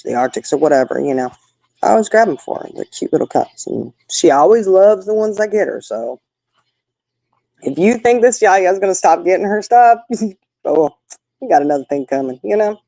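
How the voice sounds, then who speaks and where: A woman's voice: sits low, dark tone, no room sound, poor audio. An older woman, hosting a casual chat with viewers and telling folksy stories. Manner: folksy, chatty storytelling. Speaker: livestream host.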